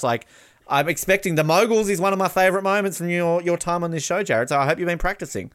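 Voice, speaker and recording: A man's voice: high-pitched, fast, a bit bright, clean tone. Joking man hosting a podcast. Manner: joking, rambling, lots of fillers. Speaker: podcast host. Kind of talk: casual chat.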